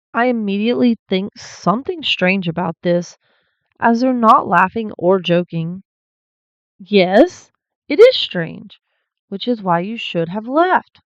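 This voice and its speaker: A woman's voice: mid-range voice, no room sound. A woman hosting a channel, reading paranormal stories aloud and breaking in with blunt, swearing asides. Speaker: host. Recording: slightly dull lo-fi recording.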